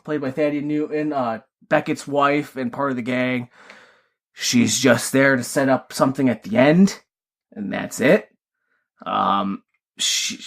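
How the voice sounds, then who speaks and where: A man's voice: on the high side, fairly bright tone. Rambling, casual podcast co-host man. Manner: rambling, heavy on fillers, casual swearing; mock voices when quoting characters. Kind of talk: casual film review chat.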